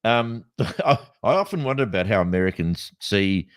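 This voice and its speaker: A middle-aged Australian man with a lowish voice hosts a relaxed chat. He rambles, jokes and laughs easily. The sound is dry and close. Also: moderate pace, no room sound. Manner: rambling, jokey, laughs often. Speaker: podcast co-host. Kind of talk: casual chat.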